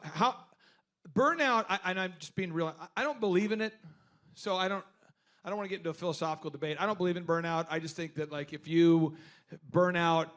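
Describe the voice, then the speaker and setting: Guy in his 40s running a business workshop, pretty high voice, super animated, keeps acting out what people said. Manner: animated storyteller who acts out other people's lines. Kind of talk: workshop talk to a live group.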